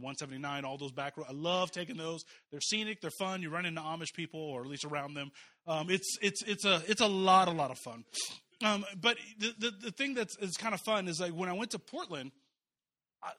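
A middle-aged pastor from Kansas City, telling a joking story in a casual sermon, full of fillers and restarts. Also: male voice, sits high, lively intonation, fairly quick, pushed and bright. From Kansas City, US Midwest.

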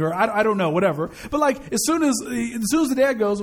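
A man's voice: high voice, animated, fast. A man in his thirties preaching a sermon in a casual, conversational way, mixing in slang and humor and repeating phrases for emphasis. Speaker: pastor.

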